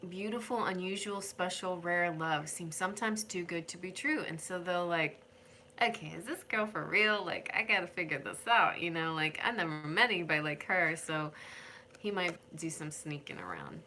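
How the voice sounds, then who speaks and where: A woman's voice: fairly low pitch, normal speed, sharp tone, a little hiss or hum. A middle-aged woman giving a chatty, rambling tarot reading on a live stream from home. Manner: chatty, rambling, sings names, talks to her cat. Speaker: tarot reader.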